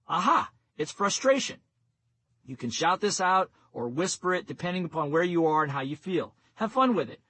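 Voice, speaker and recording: A man narrating a nonfiction audiobook in a steady, instructive reading voice. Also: a little high, poor audio. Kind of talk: scripted narration.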